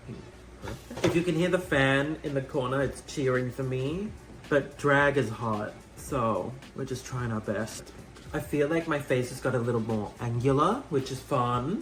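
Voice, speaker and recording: A man's voice: medium pitch, moderate pace, a bit bright, faint music behind. A young Australian man doing a chatty drag makeup tutorial, rambling in self-mocking asides. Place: indoor room with a fan.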